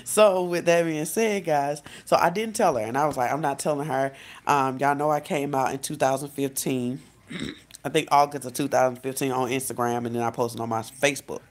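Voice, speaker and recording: A woman life coach talking straight to her viewers in a casual vlog, chatty and animated, often saying "literally" and "y'all". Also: extremely low pitch, brisk. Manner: frequent "literally" and self-corrections.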